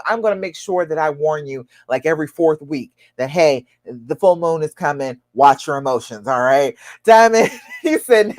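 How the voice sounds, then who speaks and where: A woman hosting a live stream as a love coach, chatting casually, reading viewers' comments and laughing often. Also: dry recording. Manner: chatty, laughs often, swings pitch up when quoting viewers.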